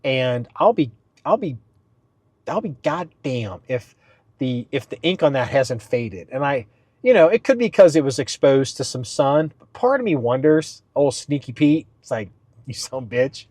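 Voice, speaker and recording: A man hosting his own podcast in a casual, rambling way, with frequent fillers and restarts, pitching his voice up a little for the show. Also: big pitch swings, unhurried, a little mellow, no echo. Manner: talks slightly up for the podcast. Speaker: podcast host. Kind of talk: casual solo podcast talk.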